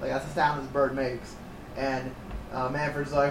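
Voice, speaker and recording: A man telling the story of his friends' homemade film in a casual group chat, animated and laughing, slipping into voices. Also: mid-range voice, normal speed, distant mic. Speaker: amateur filmmaker recounting his film. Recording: roomy echo, from off mic, faint noise.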